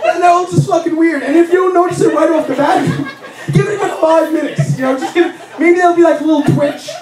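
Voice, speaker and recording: Brief: young male stand-up, high voice, crude ranting delivery, distant echoey club audio, crowd laughter. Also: a little fast. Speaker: stand-up comic. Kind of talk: stand-up comedy set. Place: comedy lounge.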